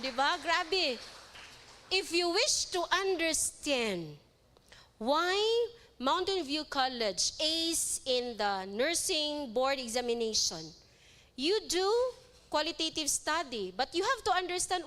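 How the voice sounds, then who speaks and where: Her high voice carries a Cebuano Filipino accent as she lectures with energy at a live seminar, hopping between English and Cebuano and kidding around with the crowd.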